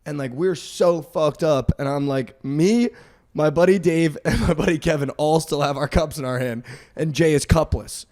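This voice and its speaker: A young man telling a rambling party story on a podcast, peppering every phrase with "like". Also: a little high. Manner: rambling, heavy use of "like", quick swings in loudness. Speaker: podcast host. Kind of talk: casual storytelling chat.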